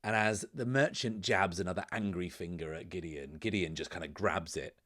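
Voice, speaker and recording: Deep-voiced man narrating a solo game. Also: moderate pace, hardly any pauses, a bit bright. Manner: thinks aloud, loose, with many "like" and "right?".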